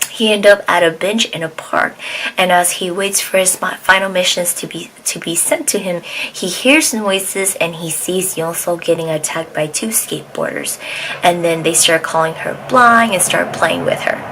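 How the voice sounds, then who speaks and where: A woman's voice: on the low side, a bit bright, slight background noise, rough recording. A woman retelling a drama plot in a casual, rambling way, full of fillers, restarts and acted-out lines. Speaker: drama reviewer.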